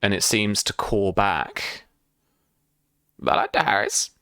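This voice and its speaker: Man, very low voice, slow unhurried delivery, game master narration, hesitant fillers. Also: steady tone, pushed and bright, clean tone, dry recording, clean studio sound.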